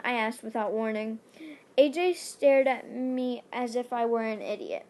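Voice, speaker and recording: Giggly high-voiced young woman reading fanfiction. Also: lively intonation, moderate pace, a little mellow. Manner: playful, giggly, dramatic asides. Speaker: fanfiction reader. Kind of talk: reading own fanfiction aloud.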